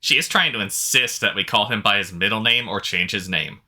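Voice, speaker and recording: A man with a low, strikingly bright and forceful voice reads out stories in a relaxed, easygoing way. He chuckles often as he co-hosts a casual chat. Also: fairly quick. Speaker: podcast co-host reading posts.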